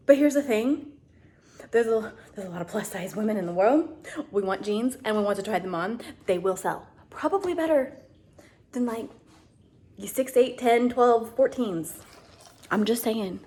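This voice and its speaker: A woman's voice: medium pitch, expressive, moderate pace, a little mellow, slight background noise. A woman chatting casually to her camera, exasperated and venting as she talks through her errands. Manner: ranting, exasperated, talkative. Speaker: vlogger.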